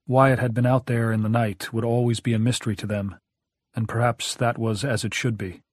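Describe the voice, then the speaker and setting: A man narrating an audiobook in a measured, even way. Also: mid-range voice, no echo, clean studio sound.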